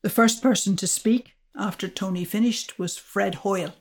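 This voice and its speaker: An older woman, an astrophysicist guest, recounting her discovery in a measured, explanatory way. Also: medium pitch, a little mellow. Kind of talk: storytelling interview answers.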